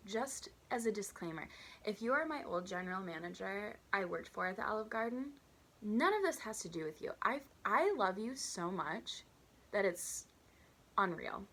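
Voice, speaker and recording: A woman in her twenties telling a storytime vlog, chatty and animated, acting out customers and her own waitress voice. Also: mid-range voice, moderate pace. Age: 20s. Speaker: vlogger.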